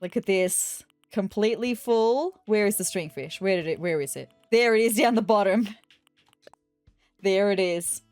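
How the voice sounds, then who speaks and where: A woman giving casual let's-play commentary, excitable and gushing, with apologetic asides. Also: medium pitch, normal speed, no room sound, soft background music. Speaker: gaming video host.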